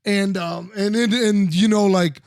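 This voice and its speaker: A man, a former wrestler co-hosting a podcast, telling stories in animated, profane casual chat with lots of restarts. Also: sits high, measured pace, creaky, no echo, studio quality.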